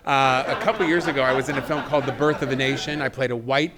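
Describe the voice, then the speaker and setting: A man in his fifties, a guest actor and comedian, telling stories on a talk show in an animated, self-mocking way. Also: medium pitch, fast talker, noisy background. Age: 50s. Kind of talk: casual talk show interview.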